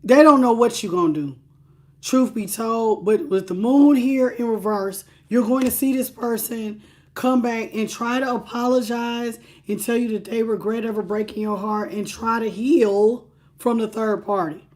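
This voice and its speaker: Lady reading tarot live, kinda high voice, chatty, says stuff twice for emphasis. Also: moderate pace. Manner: animated, talks straight to the viewer and greets chat by name; repeats phrases for emphasis. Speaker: tarot reader.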